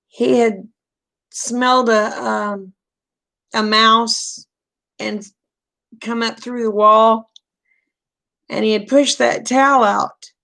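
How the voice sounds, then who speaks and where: Folksy woman with a gravelly voice. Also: fairly high pitch. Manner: folksy, animated storyteller who acts out quoted dialogue. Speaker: vlogger telling stories. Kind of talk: casual storytelling.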